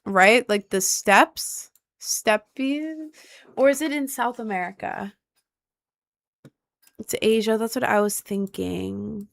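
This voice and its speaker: A woman's voice: medium pitch, slow, creaky, long pauses, fairly bright tone, dry recording. A young woman streaming a map-guessing game, thinking aloud and asking her chat for help in casual gameplay commentary.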